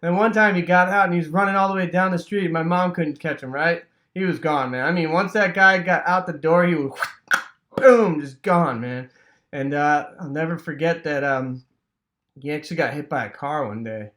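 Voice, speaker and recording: A man from Wisconsin casually telling a rambling childhood story, full of fillers and sound effects like "boom.". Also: moderate pace, fairly bright tone. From Wisconsin, USA.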